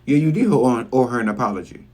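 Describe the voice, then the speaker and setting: A man's voice: medium pitch, expressive, quick pace, darkish tone. A man giving a casual, profane recap of a reality show episode, scolding the cast bluntly. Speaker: reality TV commentator.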